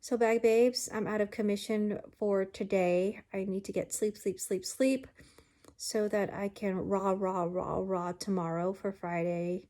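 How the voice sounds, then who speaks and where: A tired woman talks straight to the camera in a chatty, earnest vlog. Her voice sits at an ordinary middle pitch and stays upbeat and hopeful through the fatigue. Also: fairly even intonation, a little slow, warm tone. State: tired and achy. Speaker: vlogger. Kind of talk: casual vlog talk to camera.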